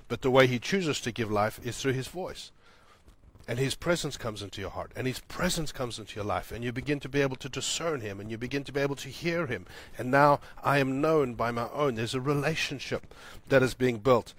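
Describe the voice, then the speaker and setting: A man preaching a sermon as pastor, repeating lines for emphasis, building loud and high, then dropping soft and low. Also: a little fast. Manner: swells louder and higher when building to a point, then drops soft and low.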